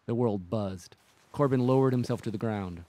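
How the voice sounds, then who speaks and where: A man co-hosting a podcast who reads a story in measured scripted narration and also chats casually. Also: on the low side, warm tone.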